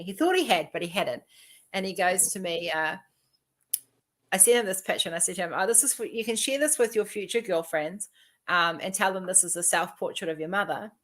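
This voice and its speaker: A woman in her fifties with a slightly low voice tells personal stories in a chatty, animated way, slipping into the voices of the people she quotes. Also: a little fast. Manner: chatty, animated storytelling, acting out quoted dialogue. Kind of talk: casual personal conversation.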